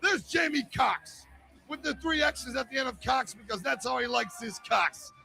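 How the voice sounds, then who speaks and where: A man calls a wrestling match as a comic play-by-play commentator. His voice sits very high and has a gravelly rasp. He shouts and swears his way through the action over music. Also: normal speed. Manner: loud, profane, shouting.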